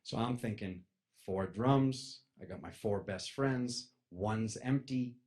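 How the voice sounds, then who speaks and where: A young man telling a personal story to an audience, acting out the voices of his friends and jumping from loud, high outbursts down to low mutters. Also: slow pace. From East Coast of the United States. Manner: lively, acts out friends' voices, jumps loud and high then drops to a mutter.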